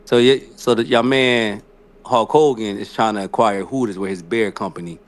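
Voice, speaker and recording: A man's voice: fairly low pitch, steady tone, normal speed. A man co-hosting a casual podcast, giving a laid-back rundown of the news. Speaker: podcast co-host. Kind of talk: casual chat.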